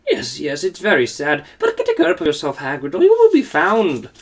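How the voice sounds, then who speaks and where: A strict older witch, clipped and scolding, put on by a man reading aloud. Her voice sits high and jumps across a wide range. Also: wildly swooping pitch, fairly quick, exaggerated voice. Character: stern older female witch professor.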